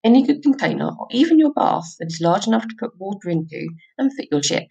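Husky, gravelly woman instructing kids. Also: medium pitch, big pitch swings, quick pace, mellow, lo-fi sound. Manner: encouraging, giving instructions to children. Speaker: outdoor learning presenter. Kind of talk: children's lesson presenting.

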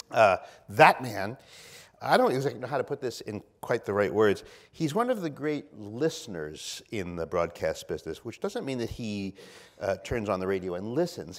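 A man hosting a live event, introducing a guest to an audience in a playful, wry way. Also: mid-range voice. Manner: playful, wry, storytelling delivery.

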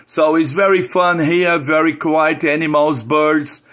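A man's voice: on the high side, level tone, unhurried, a bit bright. Older ham radio man. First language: Portuguese. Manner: friendly, repeats phrases, uses call-sign alphabet. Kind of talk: on-air amateur radio contact.

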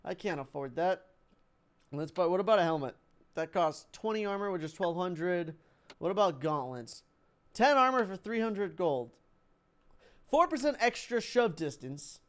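A young man giving excitable let's-play commentary, thinking aloud and laughing as he plays. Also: high-pitched, measured pace, long pauses. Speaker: gaming YouTuber.

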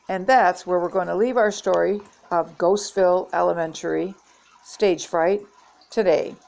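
Gravelly-voiced grandma reading aloud. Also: female voice, mid-range voice, a little mellow. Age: older. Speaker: storybook reader. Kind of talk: reading a children's book aloud.

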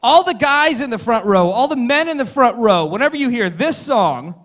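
A stage hypnotist with a high, bright voice. He works a live stage microphone, giving commanding, repetitive suggestions and breaking into laughter between them. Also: animated, moderate pace. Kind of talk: live hypnosis show patter. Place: conference stage before a live audience. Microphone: stage microphone, audience not mic'd.

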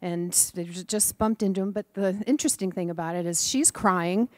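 A woman giving a sermon, telling gentle, affectionate stories about small children and turning animated when she retells their words. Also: fairly low pitch, moderate pace, no echo. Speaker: speaker in a preaching class. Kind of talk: sermon storytelling. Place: church or center hall.

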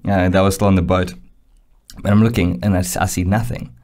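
Animated young man telling a story. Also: deep voice, fairly quick. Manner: animated storyteller, acts out quotes, laughs often. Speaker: podcast co-host. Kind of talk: casual storytelling chat.

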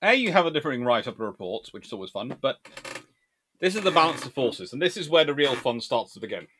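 A man hosting a live-stream history talk, reading out chat questions and answering with animated asides. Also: medium pitch, husky. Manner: animated, quick asides and laughs. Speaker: naval historian host.

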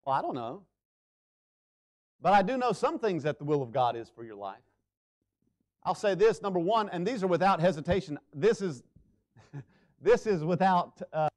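A male pastor preaching a sermon in a church, swinging between loud urgent stretches and hushed, drawn-out emphasis. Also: high-pitched, lively intonation. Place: church sanctuary.

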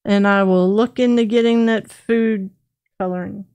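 Woman, unhurried playful chat, frequent laughter, craft stream host. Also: mid-range voice, fairly even intonation, a little mellow. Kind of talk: casual chat.

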